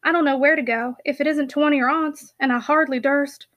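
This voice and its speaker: A woman's voice: high-pitched, steady tone, a little fast, highs cut off, lightly acted. A woman reading a frightened loving mother. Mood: anxious tender.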